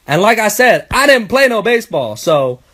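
Comic storyteller, man, higher voice, chatty and profane, frequent asides to the audience. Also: very animated, moderate pace, sharp tone. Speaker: comedian.

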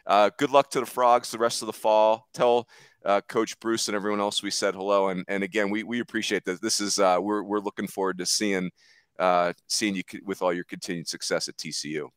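A man hosting a podcast in casual, rambling chat, quick to joke. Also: lowish voice, steady tone, smooth, no room sound. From Philadelphia area. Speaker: podcast host.

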